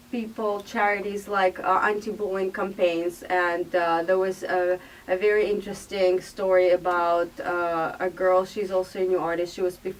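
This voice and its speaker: A woman's voice: medium pitch, recorded from a distance, rough recording. Hesitant woman with Russian roots. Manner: hesitant, many fillers. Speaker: magazine editor. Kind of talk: radio interview.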